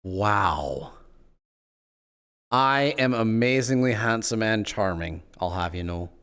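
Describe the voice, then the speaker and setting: Low-voiced man in playful roleplay. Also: steady tone, moderate pace, a bit bright, smooth. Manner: playful, teasing, voice jumps high when mock-offended. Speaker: roleplay player. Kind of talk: in-character roleplay chat.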